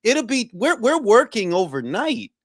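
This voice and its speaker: A man who hosts a boxing talk livestream, chatting casually and profanely and giving shout-outs to his chat. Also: high voice, sing-song, a little slow, no room sound, clean studio sound. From Dominican heritage. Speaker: boxing talk show host.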